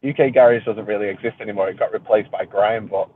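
A man's voice: lowish voice, steady tone, fast, phone-quality sound, a little hiss or hum. A man hosting a casual live stream from a car, joking, laughing and swearing casually. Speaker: reefing channel host. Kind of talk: casual live-stream chat while driving. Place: car on the road.

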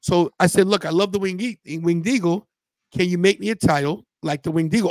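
High-voiced man chatting animatedly. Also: a little fast, no echo. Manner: animated storyteller, quotes friends in a loose slangy way. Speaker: podcast host. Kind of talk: casual watch-party chat.

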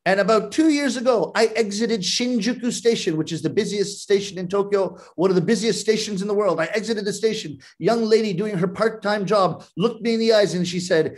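A man's voice: sits high, a little fast, hardly any pauses. Canadian man telling funny stories. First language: English. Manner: comic, acts out voices of others. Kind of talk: humorous storytelling talk. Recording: online video call.

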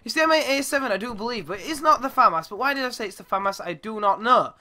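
Young male gamer, high bright voice, swears and yelps, squeaky when excited. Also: fast. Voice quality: goes squeaky when yelling. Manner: excitable, shouts and swears at the game. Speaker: gaming YouTuber. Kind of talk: live gameplay commentary.

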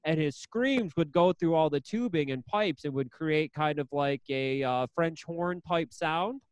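A man co-hosting a podcast, trading deadpan jokes in casual banter. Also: on the high side, a little slow, clear, resonant tone, dry recording. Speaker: podcast co-host.

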